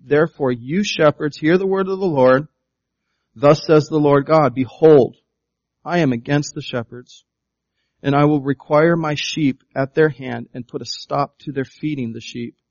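A man's voice: mid-range voice, no room sound, highs cut off. A man preaching a sermon as pastor, reading scripture aloud and pressing his points with rising emphasis.

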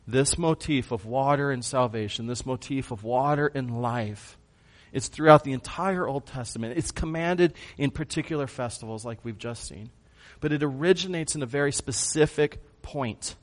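A man preaching a sermon, who swings from hushed lines to loud bursts and puts questions to his congregation. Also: medium pitch, moderate pace. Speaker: pastor.

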